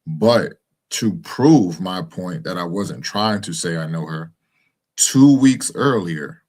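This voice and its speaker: Very deep-voiced man rambling casually. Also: takes it slowly, a little mellow. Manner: rambling, with many fillers and restarts. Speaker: commentator speaking to his followers. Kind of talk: casual monologue to camera.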